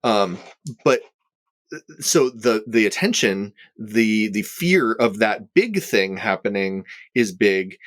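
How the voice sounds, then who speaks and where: A man who is a therapist, talking on a podcast in a halting way with many fillers and restarts. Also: fairly low pitch, expressive, a bit bright, dry recording. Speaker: therapist co-host. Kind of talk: conversational podcast talk.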